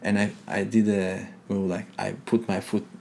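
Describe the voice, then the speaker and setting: Animated man telling a fight story. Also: lowish voice, moderate pace, vocal fry, slight background noise. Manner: animated, acts out quotes, non-native grammar. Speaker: guest, jiu-jitsu competitor. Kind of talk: casual storytelling interview.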